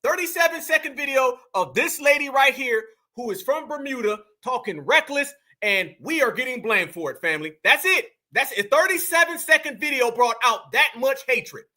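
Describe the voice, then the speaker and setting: American commentary host, very high bright voice, heated repeating rant. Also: male voice, normal speed, few pauses. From United States. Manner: animated, heated, repetitive and profane. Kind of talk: reaction commentary to a live chat.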